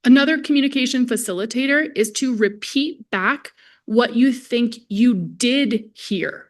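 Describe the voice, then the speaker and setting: A woman's voice: on the high side, a little slow. A woman gives a lecture at a symposium, friendly and conversational as she speaks straight to the people in the hall. She is a speech-language pathologist, and her voice comes through a presenter microphone. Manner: friendly, conversational, addresses audience directly. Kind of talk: conference lecture to a live audience.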